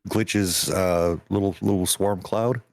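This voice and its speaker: A man playing a tabletop game, slowly and thoughtfully describing his character's power. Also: sits low, fairly even intonation, vocal fry, a crowd in the background. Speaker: player. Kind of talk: casual tabletop role-play.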